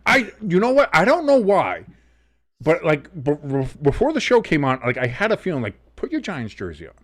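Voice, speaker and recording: A man's voice: a little high, brisk, no room sound, studio quality. A man hosting a casual live sports talk show, rambling and swearing freely with lots of fillers. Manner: rambling, profane, animated.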